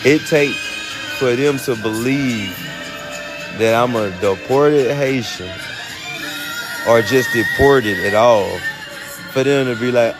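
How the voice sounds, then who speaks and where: A man's voice: medium pitch, slow pace, long pauses. A man with a Southern US accent talking casually on a phone live stream, rambling with many fillers and laughs. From United States. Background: music.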